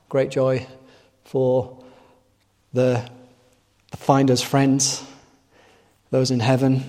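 A man's voice: mid-range voice, mellow. A man preaching a sermon in an earnest way, often asking rhetorical tag questions, recorded in a large church hall. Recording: long echoing hall reverb.

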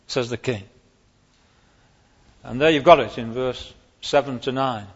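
A man's voice: medium pitch, measured pace, long pauses, breathy edge. A man preaching a sermon on a psalm, stressing key words emphatically and rising sharply on them. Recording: long hall reverb, dull lo-fi sound.

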